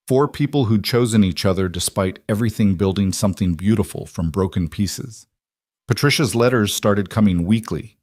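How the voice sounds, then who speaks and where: A man narrating a scripted family story in an even, unhurried way. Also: lowish voice, no echo, studio quality.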